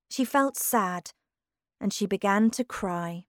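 A woman's voice: mid-range voice, slow pace, no echo, clean studio sound. A woman narrating a children's storybook aloud. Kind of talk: storybook reading.

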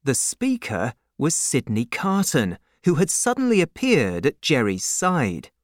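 Slow low-voiced woman audiobook narrator. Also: huge pitch swings, dry recording, clean studio sound. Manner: measured, clear reading.

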